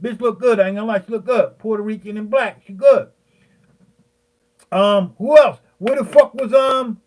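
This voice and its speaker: A man in his fifties, a beat maker, ranting heatedly at his viewers, profane and rambling, with many fillers and pauses. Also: extremely high pitch. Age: 50s.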